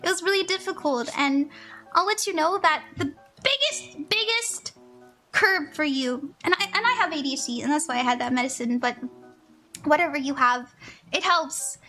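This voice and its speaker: A woman's voice: high voice, expressive, normal speed, bright, forceful tone. A young woman reading tarot cards live for her chat, gushing and emotional, laughing often as she talks to viewers. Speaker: livestream tarot reader. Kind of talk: casual livestream chat. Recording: faint music behind.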